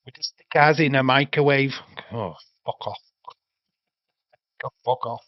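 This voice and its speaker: A man's voice: mid-range voice, measured pace, highs cut off. An English man hosting a casual movie watch-along stream, chatting with viewers and swearing freely. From England. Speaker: livestream host.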